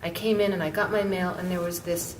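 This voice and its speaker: A middle-aged woman author telling a story on a panel, halting, with many restarts and fillers. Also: little pitch movement. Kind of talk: conversational storytelling. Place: book event room, indoors. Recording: echoey room, mic far off, faint rumble.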